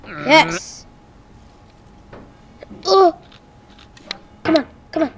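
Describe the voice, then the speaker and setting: A woman's voice: sits high, unhurried. A woman playing a frustrating game on camera, exclaiming and muttering at it. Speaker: let's play gamer.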